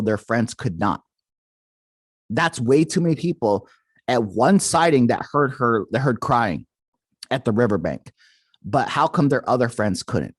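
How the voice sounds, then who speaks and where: A man's voice: medium pitch, no echo, clean studio sound. A man hosting a paranormal podcast, telling a folk tale in a casual, rambling way with many fillers and restarts. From Arizona. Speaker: podcast host. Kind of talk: casual storytelling.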